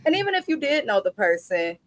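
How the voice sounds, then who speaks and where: A woman's voice: fairly high pitch, very animated, brisk. A woman co-host on a review livestream, speaking bluntly and emphatically with plenty of profanity. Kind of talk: casual review chat.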